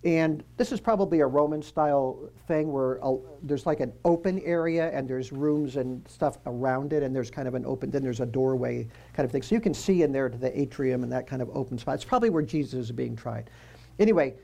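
A man's voice: mid-range voice, fairly quick, creaky, warm tone. A man giving a conversational Bible teaching. He quizzes his listeners and drops joking asides as he walks through the passage.

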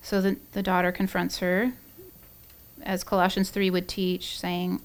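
A woman giving an earnest devotional Bible teaching, with many pauses, fillers and restarts. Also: fairly low pitch, monotone. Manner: earnest, warm-hearted, with frequent fillers and restarts.

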